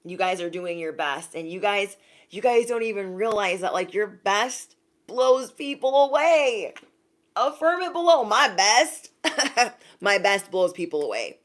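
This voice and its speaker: A young woman chatting casually on a livestream as an intuitive reader, animated and laughing often, thanking viewers by name. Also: mid-range voice, unhurried.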